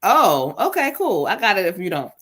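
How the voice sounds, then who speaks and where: Bright hoarse-edged woman host, rushing through a busy live reading lineup with laughs. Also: fairly low pitch, very animated. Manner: quick, busy, lots of laughing asides. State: voice going hoarse. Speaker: host and psychic reader. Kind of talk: live stream reading chat.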